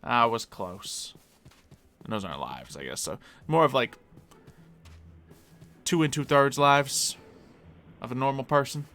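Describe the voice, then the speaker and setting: A man's voice: medium pitch, lively intonation, a little slow, pauses often, a bit bright, faint music behind. A man streaming a game live, chatting casually and answering viewers as he plays. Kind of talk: casual live-stream chat while gaming.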